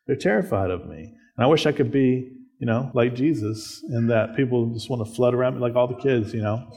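A man's voice: mid-range voice, a little fast, gravelly, dark tone. A man preaching a sermon as a pastor, conversational, often checking in with tag questions.

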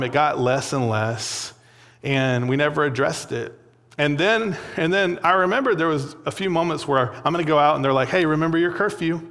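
A young man preaching in a relaxed, chatty way, his voice sitting a touch high for a man. He tells a story with plenty of fillers and short laughs, and a long hall reverb trails behind his words. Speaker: pastor. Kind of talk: sermon.

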